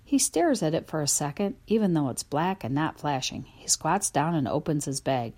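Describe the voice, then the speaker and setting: A woman's voice: low-pitched, moderate pace. A woman narrating a children's story in a first-person voice, telling it expressively. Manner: expressive, lively storytelling from a dog's view. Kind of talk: audiobook narration.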